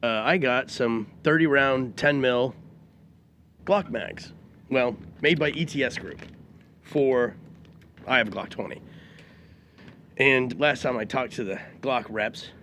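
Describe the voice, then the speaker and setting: A man's voice: medium pitch, slow, pauses often, fairly bright tone, a little hiss or hum. Easygoing male co-host with a mid-range voice who tells rambling stories. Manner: easygoing, meandering storyteller with fillers. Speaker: podcast co-host. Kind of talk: casual chat.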